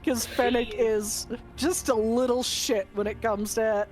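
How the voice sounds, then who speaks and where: A woman's voice: fairly high pitch, measured pace, few pauses, music in the background. A woman running a tabletop game, narrating and chatting casually, laughing often and swearing freely. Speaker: game master.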